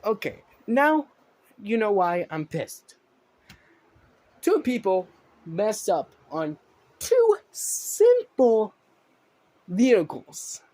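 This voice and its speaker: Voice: mid-range voice, big pitch swings, slow pace, long pauses, a little mellow. A vlogger ranting indignantly at viewers in a profane reaction commentary.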